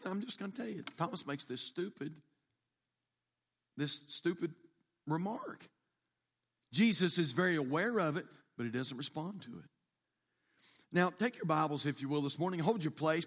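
A man's voice: a little high, fairly bright tone. A man preaching a sermon, repeating himself for emphasis and asking the congregation questions. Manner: repetitive, emphatic, conversational, asks the congregation questions. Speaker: pastor. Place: church sanctuary. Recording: reverberant church hall.

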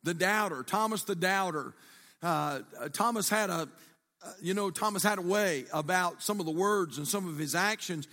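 A man's voice: high voice, normal speed, sharp tone. A man preaching a sermon, repeating himself for emphasis and asking the congregation questions. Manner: repetitive, emphatic, conversational, asks the congregation questions. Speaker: pastor. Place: church sanctuary. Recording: reverberant church hall.

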